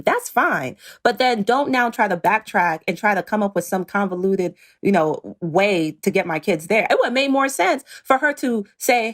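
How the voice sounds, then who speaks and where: A middle-aged woman speaks earnestly and pointedly as an interview guest, her voice sitting at an ordinary pitch. She often slips into quoting other people. Her talk is emotional but steady. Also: a little fast, few pauses. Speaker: reality show cast member, guest.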